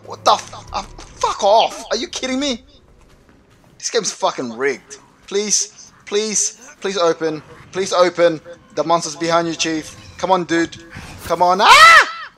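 A man's voice: high-pitched, measured pace, a bit bright. A man playing a horror game and commenting live, swearing constantly and yelping in panic. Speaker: let's play gamer.

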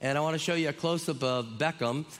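A middle-aged male guest preacher from Minnesota with a bright, ringing tone, pitched a little high, joking warmly with the congregation. His voice carries a long hall reverb. A crowd can be faintly heard in the room. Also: quick pace. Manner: enthusiastic, joking, warm with the crowd. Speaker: guest pastor. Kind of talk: sermon. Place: large church auditorium. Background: congregation audible.

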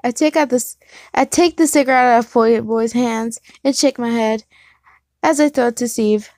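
A woman's voice: on the high side, normal speed, darkish tone, dry recording. A woman casually reading fan fiction aloud, giggling and stopping to correct herself. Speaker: reader.

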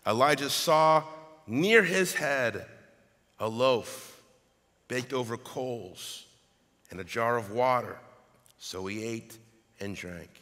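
Pastor, male, slow and deliberate sermon delivery, in a big reverberant sanctuary. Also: medium pitch. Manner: animated preaching, reading scripture aloud. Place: church sanctuary. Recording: long hall reverb.

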